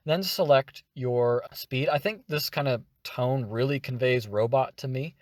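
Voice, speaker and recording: A man explaining voice acting techniques in an energetic, demonstrative tutorial. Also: medium pitch, measured pace, no room sound, clean studio sound. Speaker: voice acting teacher.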